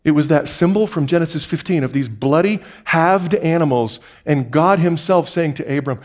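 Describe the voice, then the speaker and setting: A male pastor preaching a sermon, swinging from hushed, slow lines to loud, excited bursts and repeating words for emphasis. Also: a little high.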